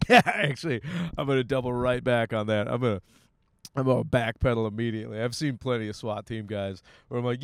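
A man rambling to his listeners from behind the wheel, with a smooth, resonant voice. He jokes at his own expense, swears freely and tosses in silly voiced asides. His pitch sits in the middle of the male range. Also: a little fast, dry recording, studio quality. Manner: jokey and self-mocking, with frequent swearing and silly voiced asides. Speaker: podcast host. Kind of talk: casual rambling monologue. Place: in a car while driving.

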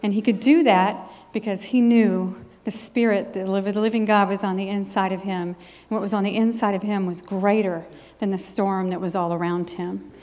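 A woman's voice: medium pitch, steady tone, normal speed, hardly any pauses, darkish tone. A middle-aged woman preaching a sermon with a personal testimony, in an earnest, emphatic preaching cadence. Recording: long hall reverb.

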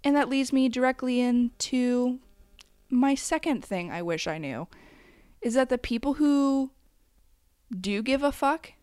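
A woman's voice: on the high side, darkish tone, no room sound, clean studio sound. A woman in her twenties ranting bluntly with plenty of swearing, giving candid advice in a casual conversational way with frequent asides. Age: 20s. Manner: blunt, profane and emphatic. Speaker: vlogger. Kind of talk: candid advice rant to camera.

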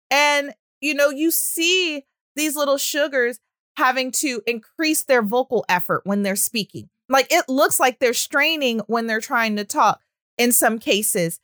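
Chatty high-voiced woman explaining voice disorders. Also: no room sound, clean studio sound. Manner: chatty and animated, with frequent fillers. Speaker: speech-language pathologist. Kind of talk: casual explanatory talk. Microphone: audio-only recording.

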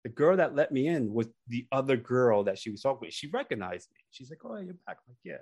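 A young man tells a story in a relaxed, chatty way. His voice sits in a middle pitch. He gets animated and puts on little voices for the people in his tale. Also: quick pace. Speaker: podcast co-host. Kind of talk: casual storytelling.

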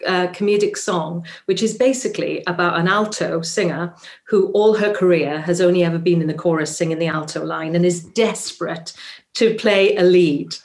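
Speaking at an ordinary pace in a lowish voice, a musical theatre actress from Wales shares a casual anecdote during an interview. Her storytelling is conversational and sprinkled with plenty of ums.

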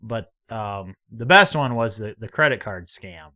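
A man's voice: lowish voice, measured pace. A man casually chatting and telling stories, acting out both sides of phone calls with scammers. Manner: animated storyteller, acts out both sides of calls. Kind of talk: casual storytelling chat.

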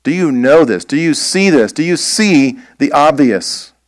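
A man preaching a sermon as pastor, slow and emphatic, posing rhetorical questions. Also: on the high side, animated, no echo.

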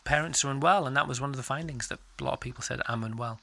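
A man's voice: mid-range voice, racing, creaky, bright, forceful tone. A middle-aged man co-hosting a podcast, talking candidly in a casual, self-deprecating and jokey way. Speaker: podcast co-host. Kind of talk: casual chat.

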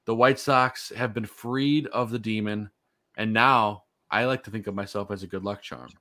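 A man's voice: lowish voice, fairly even intonation, moderate pace, sharp tone. A man in his thirties casually hosting a sports podcast, easygoing and rambling with lots of fillers. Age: 30s. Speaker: podcast host.

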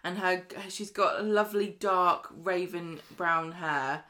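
Female podcast co-host, slightly low voice, enthusiastic chatter. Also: takes it slowly. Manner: enthusiastic, animated storyteller, laughs often. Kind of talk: casual chat.

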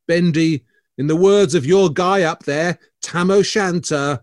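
A man's voice: fairly high pitch, measured pace, dry recording, studio quality. A man with a Scottish accent co-hosting a chatty podcast about art, teasing his co-presenter. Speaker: podcast co-host. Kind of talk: casual chat.

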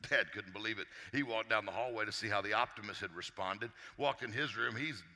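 A man giving an energetic motivational talk to a live audience as a success coach, joking and quizzing the crowd. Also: on the low side, a little fast, in a large hall. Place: large hall with a live audience.

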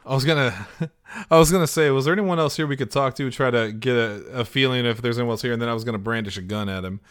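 A man's voice: medium pitch, fast, smooth. A man playing a tabletop game, talking casually and swearing freely. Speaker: player. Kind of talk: casual chat.

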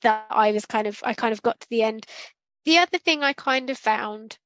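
A woman's voice: a little high, moderate pace, a bit bright, no room sound, highs cut off. A woman co-hosting a casual podcast discussion, rambling and correcting herself as she goes and acting out what she was thinking. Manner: rambling, self-correcting, acts out quotes. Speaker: podcast co-host.

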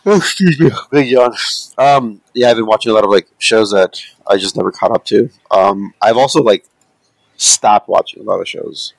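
Low gravelly man rambling casually. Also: normal speed, dry recording, poor audio. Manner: rambling, loose, lots of fillers and asides. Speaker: podcast co-host. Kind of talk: casual chat.

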